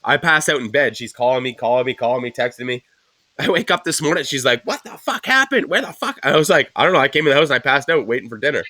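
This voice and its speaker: A man's voice: medium pitch, fast, bright, forceful tone, dry recording. A man co-hosting a casual podcast, telling a story with laughs and swearing. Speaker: podcast co-host. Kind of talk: casual chat.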